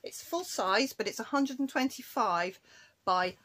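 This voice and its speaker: A woman's voice: fairly high pitch, lively intonation, unhurried, fairly bright tone. A woman chatting casually to camera in a cross-stitch vlog, rambling and breaking off to scold her cat.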